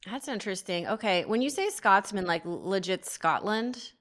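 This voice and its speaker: A woman hosts an interview podcast in a chatty, upbeat way. She talks easily and warmly steers the conversation along. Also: mid-range voice, animated, moderate pace. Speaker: podcast host.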